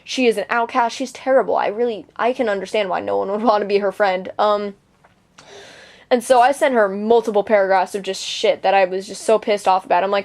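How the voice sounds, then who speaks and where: A woman's voice: mid-range voice, fairly even intonation, fairly quick, a little mellow. Teen girl venting her story, swearing a lot, um's and restarts everywhere. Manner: venting, indignant, swears freely; lots of fillers and restarts. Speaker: vlogger. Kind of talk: casual storytelling to camera.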